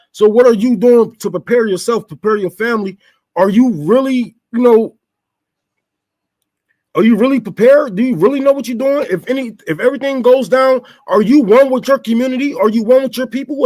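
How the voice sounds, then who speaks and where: A man's voice: very high-pitched, darkish tone. A man hosting his show, delivering an unscripted political rant full of profanity, rhetorical questions and stammered restarts. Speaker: show host.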